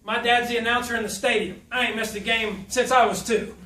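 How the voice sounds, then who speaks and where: A South Louisiana man gives a folksy, funny motivational speech full of stories, putting on voices whenever he quotes someone. His voice is very high and fairly even, a little fast, pushed and bright, with slight hiss or hum, recorded from far off in an echoey hall.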